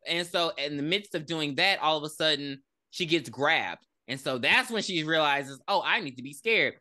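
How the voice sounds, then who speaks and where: Lively, bright-voiced woman podcaster. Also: low-pitched, normal speed. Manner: profane, animated storytelling with laughs. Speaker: podcast co-host. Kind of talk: casual movie recap chat. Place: podcast recording.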